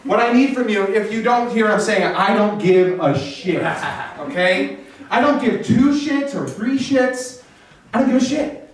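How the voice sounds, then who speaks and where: A man's voice: high voice, animated, a little slow. A man hosting a live variety show, joking with the audience, swearing freely and leading it in chants. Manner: playful, teasing, leads audience chants. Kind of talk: live stand-up crowd work. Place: live venue before an audience. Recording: echoey room from far off, faint noise.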